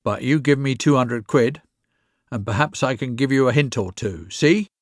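A man's voice: mid-range voice, moderate pace, no room sound, clean studio sound, close to an everyday voice. A man voicing a bent, greedy, cunning middle-aged woman with a wheezy voice in a storybook reading. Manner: leering, wheedling.

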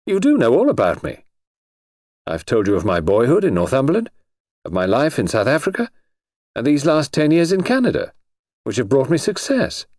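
A man's voice: medium pitch, wildly swooping pitch, moderate pace, pauses often, darkish tone, no room sound, studio quality, voice pushed up. A man playing a charming, bantering husband who hides a menace, in an audiobook reading. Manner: bantering, smooth.

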